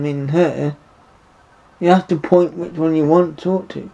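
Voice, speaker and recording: A male vlogger delivers an indignant opinion monologue to camera, rambling and repeating himself. His voice is a little high, mellow, and steady in tone, at a measured pace, on a dull lo-fi recording.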